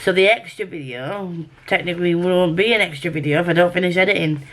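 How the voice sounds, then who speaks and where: A woman's voice: on the low side, fast talker. A woman with a Yorkshire accent chatting casually in a book vlog, rambling and correcting herself as she goes. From Yorkshire, England. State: feeling unwell. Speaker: book vlogger.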